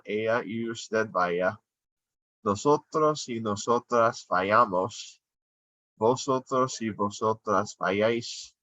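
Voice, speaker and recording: Casting: man, lowish voice, slow and patient, screen-recorded lesson, dull dry lo-fi sound. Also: fairly bright tone, no echo. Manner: unhurried, explaining while drawing on screen. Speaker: Spanish teacher.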